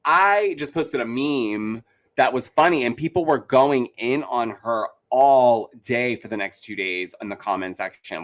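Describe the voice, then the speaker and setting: A young man joins a casual reality-show recap, animated and playfully mocking. His voice sits at an ordinary middle pitch and moves with quick, teasing energy. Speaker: guest.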